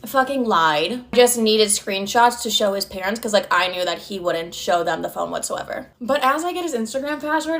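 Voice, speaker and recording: Young woman, fairly high voice, casual storytime narrator, swears freely and plays out the dialogue. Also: a little fast, hardly any pauses, fairly bright tone. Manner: chatty, swears a lot, acts out dialogue.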